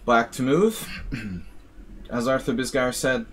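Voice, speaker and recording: A man streaming live, casually commentating chess games and chatting with viewers in a relaxed, musing way. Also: mid-range voice, slow pace, a little hiss or hum. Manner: relaxed, musing, talks to chat.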